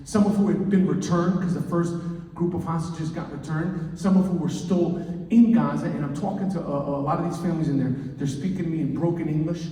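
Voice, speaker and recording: A middle-aged man doing live stand-up storytelling in a loud, animated way, repeating words as he talks. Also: fairly high pitch, a little fast. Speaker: comedian and storyteller. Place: large hall, indoors. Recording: echoey hall from far off.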